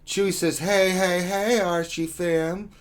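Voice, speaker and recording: A man hosting a casual gaming livestream reads out chat greetings in a joking, rambling way, full of ums and uhs. His voice sits high with fairly even intonation, and he speaks slowly.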